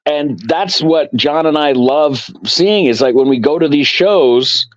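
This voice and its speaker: Animated storytelling man, lo-fi sound. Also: fairly high pitch, a little slow. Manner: animated storyteller, acts out quoted dialogue. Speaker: comic book co-creator, guest. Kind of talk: casual interview chat.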